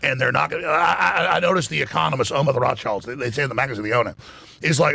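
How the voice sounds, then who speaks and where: A man behind a talk radio microphone, his voice gravelly and rough around the edges. He drives his political commentary hard, swearing freely and tripping over restarts, all recorded dry with no room sound. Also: medium pitch, rapid-fire, pushed and bright, no room sound. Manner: emphatic, profane, stumbling restarts.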